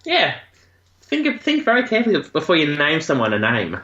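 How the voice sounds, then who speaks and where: A man chatting as a podcast co-host, his bright voice leaping around in pitch. The sound is roomy and a bit dull and lo-fi. He laughs often and pushes his voice high for emphasis. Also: huge pitch swings, moderate pace. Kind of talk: casual chat. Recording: echoey, dull lo-fi room sound.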